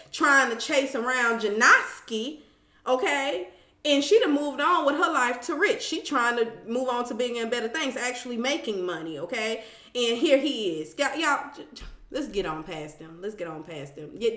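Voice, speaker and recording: A woman's voice: fairly high pitch, echoey room. A woman casually recapping a reality show, telling it with sassy asides and acting out the quotes. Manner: animated storytelling, acts out quotes, sassy asides.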